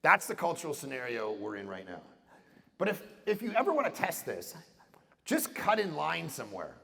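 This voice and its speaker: A middle-aged man from Canada giving an animated talk to an audience, acting out voices in his stories. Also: fairly high pitch, moderate pace, vocal fry. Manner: animated storytelling with acted-out voices and jokes. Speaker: conference speaker. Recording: reverberant hall sound.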